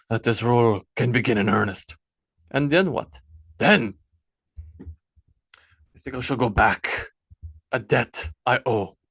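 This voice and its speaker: A man's voice: lowish voice, creaky, dry recording. A man voicing a stern, ambitious Viking king in an audiobook, speaking in a blunt, commanding way.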